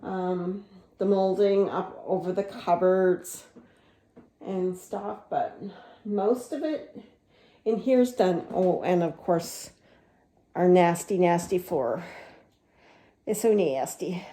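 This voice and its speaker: Slow, mellow chatty woman in her fifties. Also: lowish voice. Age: 50s. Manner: rambling, chatty, many fillers and restarts. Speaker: vlogger. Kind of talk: casual home tour chat. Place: inside a house.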